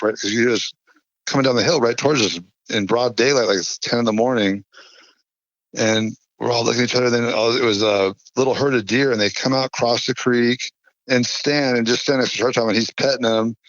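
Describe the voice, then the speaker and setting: A man's voice: mid-range voice, fairly even intonation, a little fast, a bit bright, no echo. A man from California, a podcast guest, telling a long anecdote in a rambling, filler-heavy way. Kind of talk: casual storytelling chat. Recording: dull lo-fi dry podcast audio.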